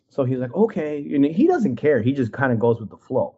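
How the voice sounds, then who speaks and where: A man's voice: medium pitch, big pitch swings, moderate pace, breathy edge, narrow, tinny audio. A man from Wisconsin telling a casual story on a video call, rambling with lots of likes and you-knows and acting out quotes. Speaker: guest artist.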